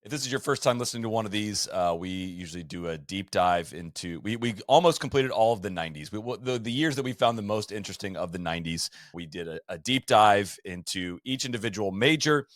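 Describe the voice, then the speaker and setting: A man co-hosting a podcast in casual chat, animated and often restarting his sentences. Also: lowish voice, a little fast, few pauses, dry recording, clean studio sound. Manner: animated, with frequent restarts and stumbles. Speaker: podcast co-host.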